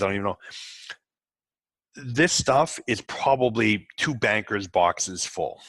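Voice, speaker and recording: A man's voice: fairly low pitch, animated, fairly bright tone, no echo. Candid, swearing male podcast host. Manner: candid, swears, acts out clients in quick asides. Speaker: tax resolution podcast host. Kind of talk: casual storytelling to fellow practitioners.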